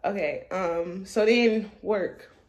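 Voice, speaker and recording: Young woman, mid-pitched, casual storytime vlogger who curses freely and laughs a lot. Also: slow pace, a little mellow, slight background noise. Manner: profane, loose and laughing.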